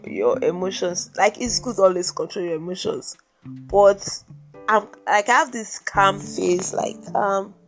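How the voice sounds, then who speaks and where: A Nigerian woman hosting a podcast, telling a personal story in a casual, animated and exasperated way, repeating herself for emphasis. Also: lowish voice. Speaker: podcast host.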